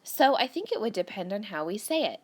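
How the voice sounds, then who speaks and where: In a recorded children's grammar lesson, a woman teacher speaks a bit fast, her mid-range voice swinging widely in pitch. She patiently works through a worksheet with young students, reading the sentences out loud and explaining every step.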